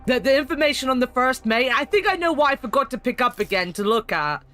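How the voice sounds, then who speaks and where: Young woman, game streamer, casual chat, laughs a lot, very lively pitch. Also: fast talker, faint music behind. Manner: chatty, laughs often, talks to chat. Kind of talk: casual gaming commentary.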